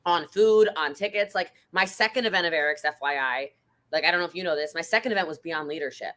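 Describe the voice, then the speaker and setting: A woman in her thirties hosting a casual conversation, telling lively stories and jumping into high-pitched voices when she quotes people. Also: fast talker. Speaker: host.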